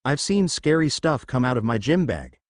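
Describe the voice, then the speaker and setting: A man voicing a loud, rowdy young male duelist in a storybook reading. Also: medium pitch, sing-song, normal speed, dry recording, clean studio sound, natural voice. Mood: brash. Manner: rowdy, yelling.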